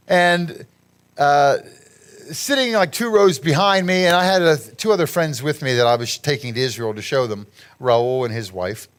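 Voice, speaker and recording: Chatty man with a fairly high voice. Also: a little slow, long pauses, clean tone. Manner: chatty, rambling, laughs at his own jokes. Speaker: guest speaker at a church gathering. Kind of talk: anecdotal talk over a slideshow.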